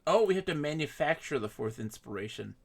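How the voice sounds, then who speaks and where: A man's voice: fairly high pitch, expressive, brisk, vocal fry, slightly rough. A man streaming a game live, chatting casually and reading the game text aloud. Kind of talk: casual gameplay commentary.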